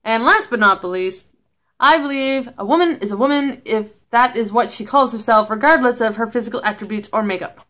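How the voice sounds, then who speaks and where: A woman with a high voice talks straight to her audience from home in casual vlog commentary. She is blunt and sarcastic and swears freely. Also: fairly quick, a bit bright. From Canada. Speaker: vlogger.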